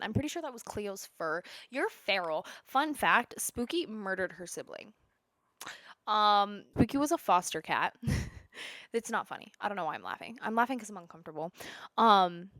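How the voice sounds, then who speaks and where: A chatty woman in her twenties chats to camera from home, rambling from one tangent to another in a loose, casual way. Her voice sits at an ordinary middle pitch and sounds close and dry, with no room echo. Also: very animated, moderate pace, a bit bright. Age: 20s. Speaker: lifestyle creator. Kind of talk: casual sit-down chat.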